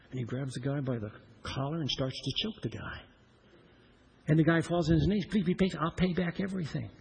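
A middle-aged man preaching a sermon, swinging between loud emphatic lines and hushed, slowed-down ones. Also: mid-range voice, creaky, husky, low-quality recording. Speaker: pastor.

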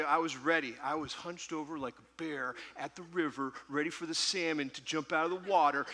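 Man pastor, fairly high bright voice, animated self-mocking storyteller, hall reverb. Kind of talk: sermon with humorous story.

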